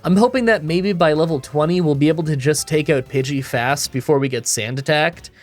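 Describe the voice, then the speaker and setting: A gaming YouTuber reads scripted voice-over commentary for a game challenge video, recorded in a booth with soft music in the background. His voice is a little high and fairly quick, groggy from the morning and stuffy-nasal, with dry self-mocking humor.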